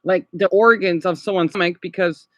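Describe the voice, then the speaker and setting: A man livestreaming from home in an unscripted rambling vlog. He sounds upset and exhausted, talks haltingly, repeats himself and keeps tagging lines with "okay?". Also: high-pitched, steady tone, pushed and bright, no echo, dull audio. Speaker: vlogger livestreaming.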